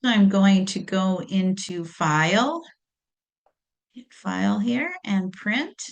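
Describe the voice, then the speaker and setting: A woman's voice: medium pitch, takes it slowly, creaky. A woman hosting a crafting tutorial who explains each step and setting methodically as she works.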